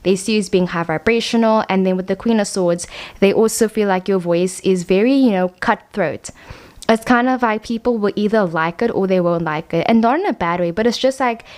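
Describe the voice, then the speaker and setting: A woman talks through a pick-a-card tarot reading in a loose, chatty way. Her voice sits at a middle pitch for a woman. She rambles freely with many "like" fillers and speeds up in lively bursts. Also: brisk.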